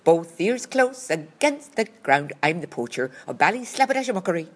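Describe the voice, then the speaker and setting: A Scottish speaker voicing a cheery, boastful male leprechaun in a put-on Irish accent, rhyming in a slow sing-song. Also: medium pitch, sing-song.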